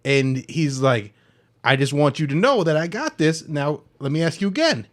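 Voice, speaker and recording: A young man hosting a casual comedy podcast, telling a story with lively voiced-out dialogue. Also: a little high, moderate pace. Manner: animated storyteller acting out both sides of a dialogue. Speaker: podcast host.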